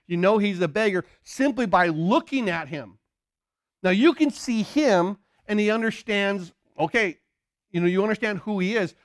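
A male preacher delivers a lively sermon in a fairly high voice. He throws rhetorical questions at his listeners and swings between loud bursts and hushed lines. The recording is dry and close. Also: no room sound. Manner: animated, acts out shouts and crowd voices.

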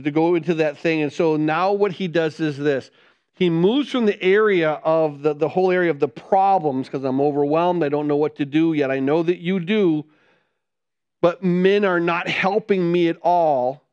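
Male pastor, sermon delivery, smooth resonant tone, dull lo-fi sound. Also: a little high. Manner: earnest, repeats words and restarts, drops to quiet emphasis.

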